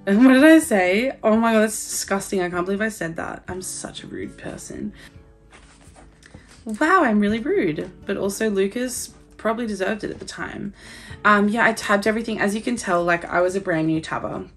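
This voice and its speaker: A young Australian woman chatting excitedly about her favourite books, gushing and swearing casually. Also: medium pitch, normal speed, soft background music. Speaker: book vlogger. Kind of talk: casual chat.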